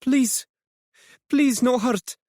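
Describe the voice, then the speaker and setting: Frightened Middle Eastern woman in hiding, desperate broken whisper, very high, a male narrator doing her. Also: extremely slow, a little mellow, dry recording, clean studio sound, full character voice. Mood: pleading.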